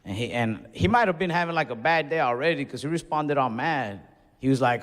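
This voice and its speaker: Profane stand-up comedian in an echoey club. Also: male voice, mid-range voice, animated, brisk, a bit bright. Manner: casual, profane, exasperated. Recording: reverberant venue with faint audience noise.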